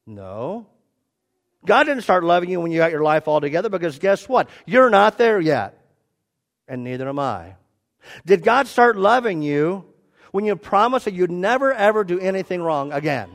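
A middle-aged man preaching a sermon as pastor, animated, repeating his phrases and dropping to a quiet, soft prayer. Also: sits high, moderate pace. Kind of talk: sermon with a told joke.

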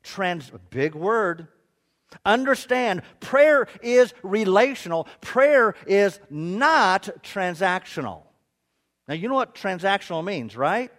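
A middle-aged man preaching a sermon as a pastor, telling humorous stories with animated delivery and stammered restarts like "and, and, and". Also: sits high, slow pace.

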